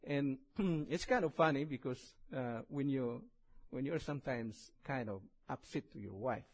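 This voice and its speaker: A man with a strong Indonesian accent preaching in a church, chatting and joking before he reads scripture slowly. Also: mid-range voice, low-quality recording. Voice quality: husky, heavily accented English. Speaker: visiting preacher. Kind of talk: sermon.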